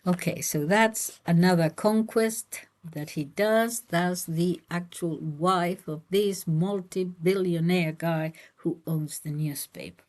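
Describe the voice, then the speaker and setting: A woman's voice: fairly low pitch, steady tone, slow, hardly any pauses, darkish tone. A woman reading a novel aloud and adding chatty asides, with fillers and restarts between passages. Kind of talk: reading aloud with casual commentary.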